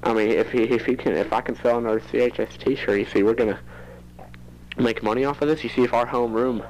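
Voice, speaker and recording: A man's voice: medium pitch, steady tone, quick pace, darkish tone, a little hiss or hum, rough recording. Giggly rambling teenage boy. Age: teens. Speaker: student keeping a tape diary. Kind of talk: rambling audio diary monologue. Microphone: home cassette recorder.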